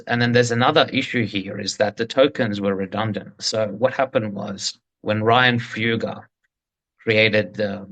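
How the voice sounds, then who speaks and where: Man co-host, bright forceful tone, indignant and emphatic in casual chat. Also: on the low side.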